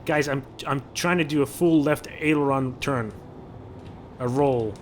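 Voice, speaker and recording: A man's voice: medium pitch, a little slow, a little hiss or hum. A man giving casual, chatty commentary over gameplay, often repeating words as he thinks aloud. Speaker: gaming video creator.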